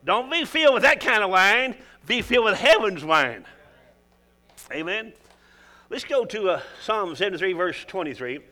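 A man's voice: sits high, expressive, moderate pace, pushed and bright. An older man preaching a folksy sermon in church, calling out to the congregation. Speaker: pastor.

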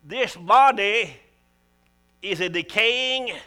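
A man's voice: high voice, very slow, bright, forceful tone, smooth. A man with a Southern US accent preaching a sermon, folksy and joking, with emphatic calls to the congregation.

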